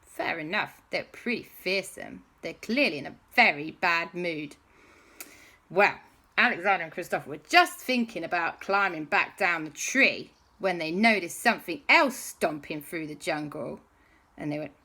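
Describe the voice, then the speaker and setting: Woman storyteller, slow and bright, big swings of pitch, sound effects. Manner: animated, with sound effects and dramatic pauses. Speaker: children's storyteller. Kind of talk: improvised children's storytelling.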